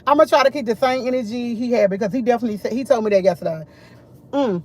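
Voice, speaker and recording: A middle-aged woman chatting casually to camera, full of animated retellings of what others said. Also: a little high, fast. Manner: animated, quotes others a lot. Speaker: vlogger.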